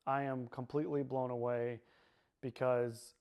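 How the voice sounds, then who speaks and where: A man giving a personal testimony in a halting way, repeating himself and often pausing with fillers. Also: mid-range voice, flat delivery, darkish tone, clean tone. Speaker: survivor sharing his personal story.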